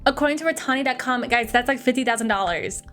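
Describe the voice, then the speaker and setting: A woman's voice: sits high, fast, a bit bright, soft background music. A young woman chatting casually through a film review, gushing and chatty, with a lot of "like". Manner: gushing, chatty, heavy use of "like".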